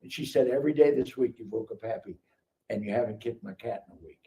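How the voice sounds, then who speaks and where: A middle-aged man from the Kansas City area, a guest on a live stream, tells his testimony in casual, animated speech, acting out the people and dialogue in his life story. His voice is medium in pitch and his pace is quick. A distant mic picks him up with faint background noise.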